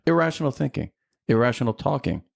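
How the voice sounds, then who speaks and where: A man's voice: mid-range voice, sing-song, fast, gravelly, no echo, clean studio sound. A man co-hosting a podcast in casual chat, making wry joking asides. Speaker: podcast co-host.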